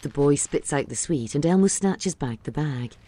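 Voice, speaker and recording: A woman reads audio description for a film, setting each scene steadily and clearly. Her voice is low and mellow, with a lively pitch. A faint hum of background noise sits under her. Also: normal speed.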